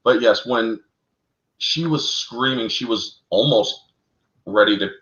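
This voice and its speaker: A man co-hosting a casual fan lore talk, animated and calling his listeners "folks". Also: mid-range voice, takes it slowly. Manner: animated, addresses listeners as folks, laughs at own slips. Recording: roomy, dull lo-fi sound.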